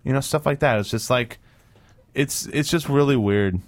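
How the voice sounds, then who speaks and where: A man co-hosting a casual radio talk show, ranting in an animated way and leaping up in pitch when he mocks what people say. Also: moderate pace, dry recording. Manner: animated, ranting, jumps up in pitch for mock quotes. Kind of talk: casual banter.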